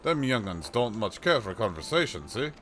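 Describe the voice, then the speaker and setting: A man's voice: lowish voice, sing-song, normal speed, a bit bright, soft background music. A man voicing a chatty old male peddler with a put-on rustic accent and a folksy, rambling way of talking. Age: older. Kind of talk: reading game dialogue aloud on a livestream.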